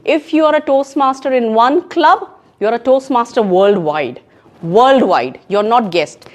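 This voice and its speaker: A woman with a Pakistani accent giving an emphatic, animated talk on public speaking at a club meeting. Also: fairly high pitch. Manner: emphatic and animated, mixing in Urdu phrases. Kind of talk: education session talk. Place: meeting room in a co-working space.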